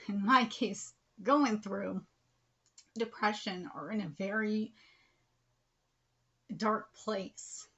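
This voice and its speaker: A woman in her thirties hosting a live manga reaction video, gushing and emotional, often dropping into breathy whispered exclamations. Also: mid-range voice, fairly bright tone, lo-fi sound. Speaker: YouTube manga reaction host.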